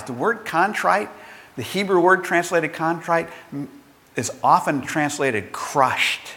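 Bright-voiced male pastor in a reverberant hall. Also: on the high side, lively intonation, a little slow. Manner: storytelling, acts out the characters. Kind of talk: sermon.

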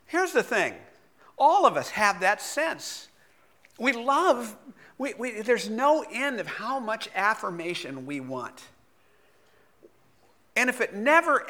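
In a voice that sits high, a middle-aged man who is a pastor preaches and shares a personal story. He's lively throughout and laughs often.

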